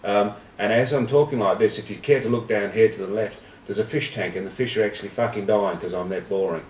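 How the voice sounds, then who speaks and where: A clueless rugby presenter drones on in a flat monotone, as an Englishman takes him off, swearing idly as he plods along. His low voice sits back from the mic in a roomy, echoey space. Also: fast talker, a little hiss or hum, close to an everyday voice. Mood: droning. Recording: roomy echo, distant mic.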